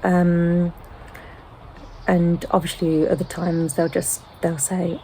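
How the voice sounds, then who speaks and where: A British mother in a casual sit-down chat, explaining gently with frequent ums. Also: on the low side, a little slow, slight background noise, poor audio. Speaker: home-educating mother.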